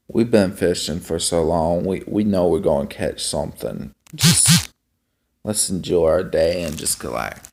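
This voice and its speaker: A young man vlogging in a casual, rambling monologue, halting with many ums and restarts. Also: low voice, vocal fry, darkish tone. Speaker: homestead vlogger.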